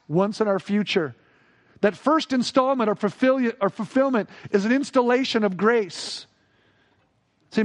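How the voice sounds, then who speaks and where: A man with a notably high voice preaches a sermon. He acts out quoted speech and climbs higher and louder when he presses a point. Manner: expressive preaching, acts out quoted voices, rises in pitch for emphasis. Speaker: pastor.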